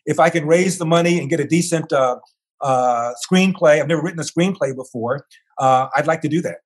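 An older man, the guest in an interview, tells a long personal story with lively energy. He acts out what the people in it say, and his voice sits a little higher than most men's. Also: fairly quick.

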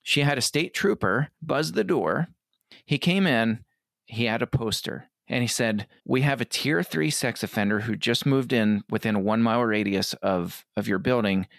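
A middle-aged man talking earnestly as an interview guest, often quoting others in quick asides. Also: mid-range voice, creaky, a bit bright, no echo, clean studio sound. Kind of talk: conversational interview.

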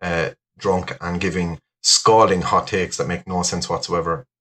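An Irish man chats as a guest on a podcast, his voice sitting low. He rambles and swears a little, making fun of himself. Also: fairly even intonation, a little slow, a bit bright. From Ireland. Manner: rambling, self-deprecating, sweary. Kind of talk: casual chat.

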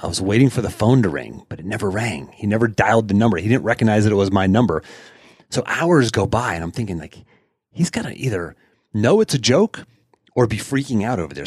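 Guy rambling through a story on his podcast, lowish voice, laughs a lot, dead dry room. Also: no echo. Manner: chatty, laughs while telling, frequent fillers. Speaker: podcast host. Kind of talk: casual storytelling monologue.

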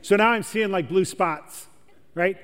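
Male pastor with a high voice, chatty sermon delivery, recorded in a reverberant hall. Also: measured pace, fairly bright tone, clear, resonant tone. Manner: conversational, asks the audience questions. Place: large church hall with audience.

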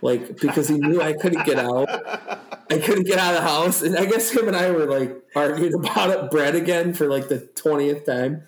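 A man's voice: on the high side, normal speed. A young man co-hosting a podcast, rambling and swearing as he tells stories in a casual chat. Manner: rambling, profane, animated storytelling. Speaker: podcast co-host. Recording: echoey room.

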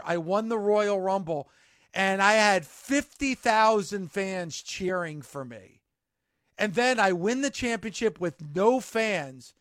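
A man's voice: high voice, no echo, studio quality. A man doing a wrestling promo as an aggrieved male wrestler who feels betrayed by the crowd, growing indignant. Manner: indignant, building to shouted complaints.

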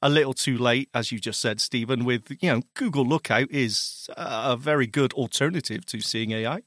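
A man's voice: medium pitch, normal speed, a bit bright, dry recording. A man co-hosting a casual tech chat podcast, teasing and playful, laughing easily.

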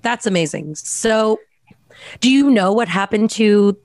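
A woman's voice: mid-range voice, animated, unhurried, a little mellow, no echo. A woman hosting an interview, prompting her guest with friendly interjections and short questions. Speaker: host.

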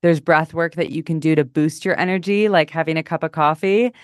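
A woman's voice: low-pitched, steady tone, a little fast, dry recording, clean studio sound. A woman speaking as a guest coach in a casual interview, upbeat and encouraging, laughing often.

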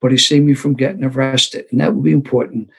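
A man's voice: mid-range voice, steady tone, fast talker, creaky, fairly bright tone, breathy edge. An older man, telling his recovery story at a sober meeting with self-deprecating humor. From Philadelphia.

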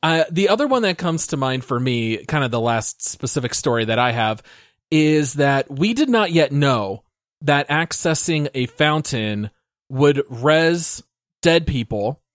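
A man's voice: fairly high pitch, expressive, a little slow, no echo. A man with a somewhat raised voice tells a detailed story from a game session. He co-hosts a casual gaming podcast, and his voice is recorded dry and close to the mic. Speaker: podcast co-host.

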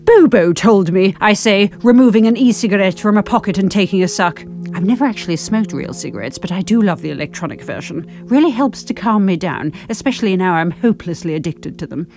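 A woman reading a comic first-person story in a wry, self-justifying and expressive manner. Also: mid-range voice, fast talker, hardly any pauses, faint music behind. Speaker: narrator.

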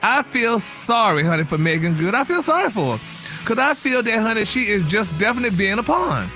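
A man's voice: high voice, sing-song, a little fast, pushed and bright, faint music behind. A man hosting a celebrity gossip segment in a flamboyant, sassy manner, calling everyone honey and y'all. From United States.

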